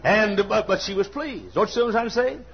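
Middle-aged male preacher, high husky voice, folksy and emphatic, sermon in a church. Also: animated, fairly quick, muffled recording. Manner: folksy storytelling with sudden shouts. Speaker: pastor. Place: church sanctuary.

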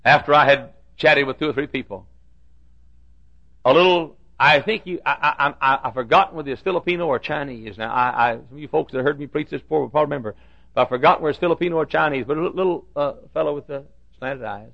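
Gravelly older pastor telling a story. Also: male voice, a little high. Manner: halting restarts, bursts into loud preaching. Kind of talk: sermon storytelling. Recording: dull lo-fi sermon recording.

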